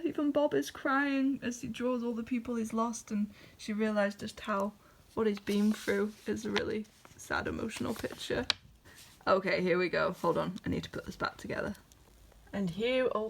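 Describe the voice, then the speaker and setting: A young woman, an artist, showing her sketchbook in a casual, chatty vlog. She is excitable and scattered and keeps breaking off mid-sentence. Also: mid-range voice, gravelly. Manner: excitable, scattered, self-interrupting.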